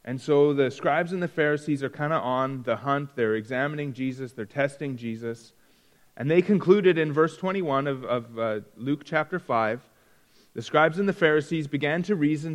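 A man's voice: on the high side, moderate pace, big-room sound. A man teaching a Sunday school Bible lesson in a conversational way, reading verses aloud and asking the class questions.

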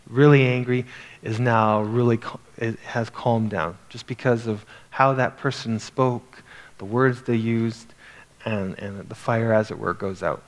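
Halting, conversational male Bible teacher. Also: medium pitch. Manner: conversational and halting, with frequent restarts.

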